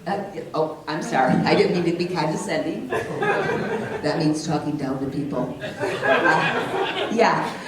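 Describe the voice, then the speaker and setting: Middle-aged woman, stand-up comic, brash and teasing, lively pitch, distant mic, very echoey club. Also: takes it slowly, pauses often. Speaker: stand-up comedian. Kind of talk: stand-up comedy set. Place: comedy club stage. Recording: echoey club from far off with loud crowd. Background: audience laughter.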